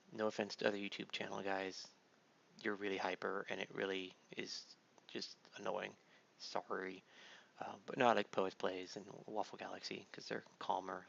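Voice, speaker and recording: A man's voice: on the low side, gravelly, fairly bright tone, breathy edge. A man hosting a casual gameplay video, rambling laid-back commentary full of fillers, sounding like a tired dad at his home computer. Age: adult father. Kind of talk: casual let's-play commentary. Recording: dull lo-fi mic with faint noise.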